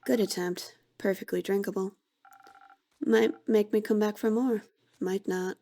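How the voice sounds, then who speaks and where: A woman voicing a terse, mysterious stranger, with low, clipped, deadpan lines. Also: measured pace.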